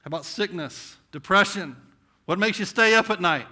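A man with a Southern US accent preaching a conversational sermon, asking rhetorical questions and swinging between intense and hushed delivery. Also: high-pitched, moderate pace. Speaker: pastor.

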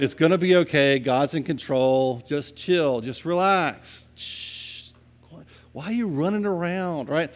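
A man preaching a sermon in a conversational way, often checking in with the listeners and moving between quiet and loud passages. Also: medium pitch. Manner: conversational, asks "right?" often, swings from soft to loud. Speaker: pastor.

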